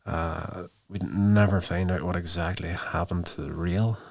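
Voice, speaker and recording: A man's voice: sits low, steady tone, unhurried, no room sound. A man hosting a podcast, casually recounting a movie's plot in a rambling way with many fillers. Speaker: podcast host reviewing a movie. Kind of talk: casual spoken movie review.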